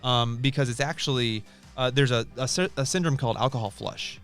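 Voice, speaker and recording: A man's voice: mid-range voice, a little fast, a bit bright, smooth, soft background music. A man co-hosting a casual live-stream podcast, explaining ideas with lots of restarts and fillers, recorded on a studio mic. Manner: chatty, explains with many restarts. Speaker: podcast co-host.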